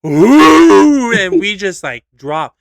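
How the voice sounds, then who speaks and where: A young man co-hosting a podcast, telling a story in a lively, casual way, swearing freely and acting out scenes. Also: a little high, normal speed, smooth, no room sound. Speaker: podcast co-host.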